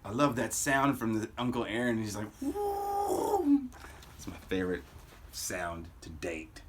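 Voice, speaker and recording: Man, comic read-aloud host, offhand asides, lively pitch. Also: moderate pace, slight background noise. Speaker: comic book reader.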